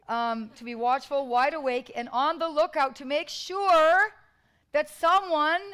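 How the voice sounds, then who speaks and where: A woman's voice: high voice, fairly bright tone, clear, resonant tone, rough recording. A woman preaching a sermon in church, emphatic and repetitive, calling out to the congregation.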